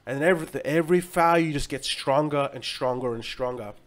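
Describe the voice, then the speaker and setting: A man's voice: on the high side, fairly quick. A man hosting his own livestream, delivering a motivational monologue with emphatic repetition and frequent "right?" checks. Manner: swings between loud peaks and quiet drops. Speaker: crypto livestream host.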